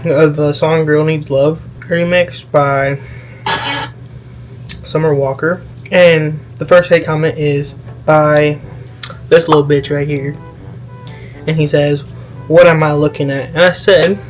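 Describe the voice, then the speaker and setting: A young man chatting casually as a vlogger, reading out comments in a sassy, animated way and jumping up into high squeals. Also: unhurried, pauses often, soft background music, rough recording.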